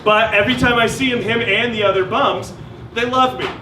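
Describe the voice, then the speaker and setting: A man doing a stand-up comedy set on a stage mic, with a wry deadpan delivery and mock voices for the people he quotes. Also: extremely high pitch, a little fast, distant mic, noisy background. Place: live comedy venue. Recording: roomy live venue with crowd. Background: audience laughter.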